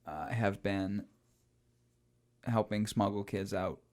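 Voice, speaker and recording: A man's voice: on the low side, slow, darkish tone. Chatty male podcast co-host. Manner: chatty, hesitant with fillers, breaks into playful voices. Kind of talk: casual chat about films.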